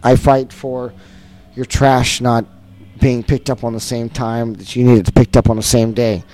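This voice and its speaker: A man's voice: mid-range voice, flat delivery, a little slow, warm tone. A middle-aged man, a concert producer, talking earnestly and repetitively in a festival interview.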